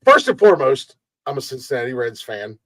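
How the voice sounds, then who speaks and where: A man hosting a casual podcast chat, rambling and blunt, peppering his talk with fillers and curses. His voice sits at an ordinary middle pitch. The sound is dry, with little room echo. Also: sing-song, a little fast, a bit bright. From Ohio. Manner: rambling, blunt, swears freely, many fillers. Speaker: podcast host.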